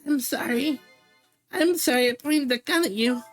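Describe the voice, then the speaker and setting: A streamer voicing a sweet, timid young girl in a video game, speaking in a soft, childlike, apologetic way. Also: high voice, moderate pace, soft background music, pitched above the performer's own voice.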